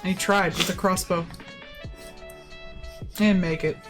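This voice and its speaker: A woman's voice: fairly low pitch, steady tone, a little slow, music in the background. A woman with a light Southern US accent, chatting playfully as she draws on a stream, teasing her partner. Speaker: streaming artist. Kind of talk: casual chat while drawing.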